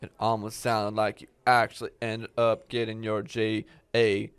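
A man playing a grumpy, greedy old diner manager with a gruff, dismissive manner in an amateur comedy sketch. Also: on the low side, monotone. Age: older. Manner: gruff, dismissive and slow-spoken.

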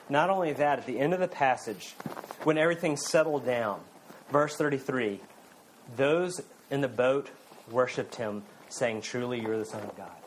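A man preaching a sermon, earnestly, with rising emphasis and then quiet intensity. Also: mid-range voice, noisy background. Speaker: pastor.

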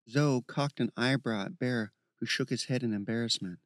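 A man reading a fantasy story aloud as narrator, in a steady, even storytelling voice. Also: medium pitch, normal speed, few pauses, dry recording, studio quality. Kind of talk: audiobook narration.

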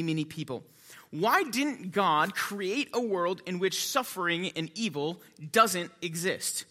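A male pastor delivers a sermon in a church sanctuary, his voice high and ringing. He shifts between earnest teaching and playful, animated asides. A long reverb from the hall trails behind his words. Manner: animated, jokey asides, quiet reverent prayer.

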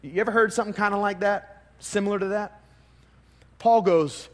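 A man with a high voice, preaching to his congregation in a relaxed, conversational way and often restarting his sentences. His voice carries a long reverb from the church hall around him. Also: moderate pace. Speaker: pastor. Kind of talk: sermon.

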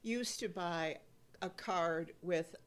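A woman's voice: on the low side, takes it slowly. A woman co-hosting a casual chat, telling wry stories while fighting a cough. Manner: chatty storyteller, wry humor. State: coughing cold. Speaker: co-host.

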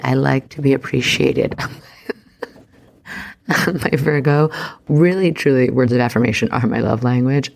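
A woman hosting a podcast talks on her own in a bubbly, slangy, chatty way. Her voice carries a steady vocal fry that crackles at the ends of her phrases. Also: extremely low pitch. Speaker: astrology podcast host. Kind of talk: casual solo podcast monologue.

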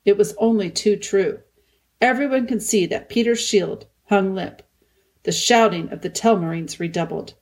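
A woman narrating a children's novel in a calm, measured audiobook reading. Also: medium pitch. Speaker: audiobook reader.

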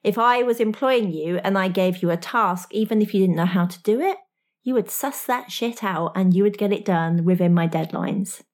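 A woman coaching straight at the listener in a motivational talk. Her voice sits at an ordinary middle pitch. Her delivery is frank and slangy, and she drops in small laughs. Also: moderate pace.

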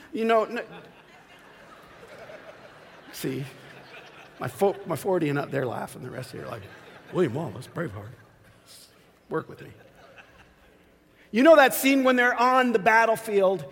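A man in his forties preaching a sermon as pastor, swinging from shouted peaks to quiet asides. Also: high voice, big pitch swings, normal speed, gravelly, long pauses. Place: church sanctuary. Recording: long hall reverb.

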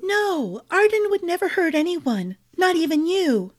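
A woman reading aloud voices a frail, gentle young queen who is naive and trusting, speaking softly and earnestly. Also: very high voice, very animated, a little slow, pitched above the performer's own voice, full character voice. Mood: pleading.

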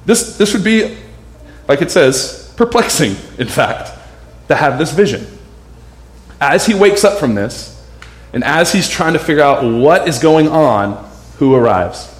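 A man's voice: a little high, roomy sound. A man preaching a sermon in a casual, conversational way, often checking in with his listeners. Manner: casual and conversational, asks the room questions.

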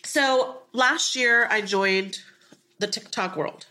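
A woman's voice: fairly high pitch, takes it slowly. A woman hosting a podcast, chatting casually and telling stories with frequent laughter. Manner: animated storyteller, laughs often. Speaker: podcast host.

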